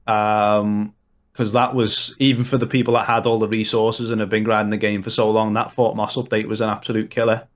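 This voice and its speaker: Low-ish and flat, slightly fast: that's this Liverpool man's delivery, accent and all. He's a guest on a podcast having a casual chat that runs long, peppered with fillers and restarts.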